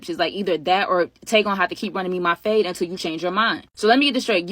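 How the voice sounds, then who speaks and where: Fast-talking woman telling a story. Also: mid-range voice, no echo. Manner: animated, quotes others in her own voice. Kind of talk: casual storytime.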